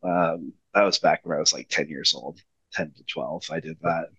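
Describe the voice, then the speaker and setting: A young man from Utah, a podcast guest, telling stories in a relaxed, rambling way. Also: rumbling low, normal speed, husky, dry recording. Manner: easygoing, rambling with fillers. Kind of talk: casual interview. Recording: dull lo-fi dry sound.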